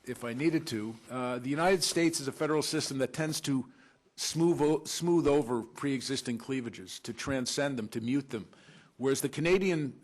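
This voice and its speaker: A man of ordinary pitch delivers a conference lecture as a law professor, speaking in a measured academic register. His delivery is halting, broken up by frequent filler sounds and restarted phrases. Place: lecture room at a law school panel.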